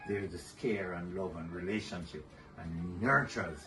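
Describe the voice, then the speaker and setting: An older man sharing fatherhood stories in an interview, gentle and measured, chuckling often. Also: sits low. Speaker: guest. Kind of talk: reflective interview storytelling. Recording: somewhat distant mic with faint noise.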